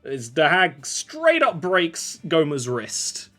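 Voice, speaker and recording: A man narrating a tabletop role-playing session as game master, casual and quick with laughter. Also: fairly high pitch, wildly swooping pitch, pushed and bright, faint music behind.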